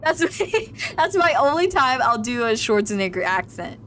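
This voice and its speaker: A woman's voice: fairly high pitch, big pitch swings, normal speed, a little hiss or hum. A young adult woman giving chatty, bubbly commentary while streaming a game, full of "like" fillers. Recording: streamed voice over loud game music.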